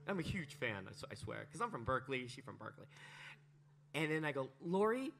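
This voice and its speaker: A man's voice: mid-range voice, very animated, fast talker, gravelly, fairly bright tone, soft background music. A man telling a story on stage at a live event, acting out the other people's lines in changed voices. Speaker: musician sharing a story on stage.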